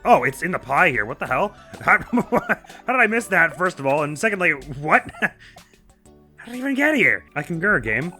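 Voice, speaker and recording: Brief: wry let's-play host, casual thinking-aloud commentary, sharp bright voice. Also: male voice, on the high side, very animated, moderate pace, soft background music.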